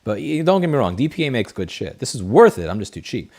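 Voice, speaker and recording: A man's voice: medium pitch, big pitch swings, quick pace, a little mellow. A man hosting a casual livestream, reading viewer messages and telling blunt, profane, rambling stories. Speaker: livestream host. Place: home studio desk. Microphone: studio headset mic.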